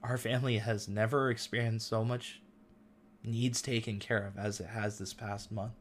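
A man's voice: fairly low pitch, level tone, normal speed, a little hiss or hum. A middle-aged man hosting a casual faith talk, speaking earnestly and with feeling, using loose everyday slang. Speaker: host.

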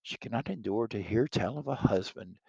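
Male reader as a genial matchmaking prince, low voice, lo-fi sound. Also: animated, fairly quick, creaky, darkish tone, slightly rough, dry recording, heavily acted.

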